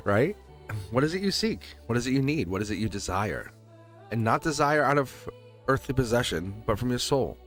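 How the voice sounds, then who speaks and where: A man's voice: mid-range voice, lively intonation, normal speed, faint music behind. A man hosting a live tarot stream, chatting casually with viewers, laughing often and firing off rhetorical questions.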